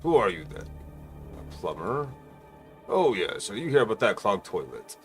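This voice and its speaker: A man's voice: fairly low pitch, sing-song, measured pace, faint music behind. A man voicing a cranky, bullying old male wizard headmaster who barks insults. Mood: angry. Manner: barking, scornful insults.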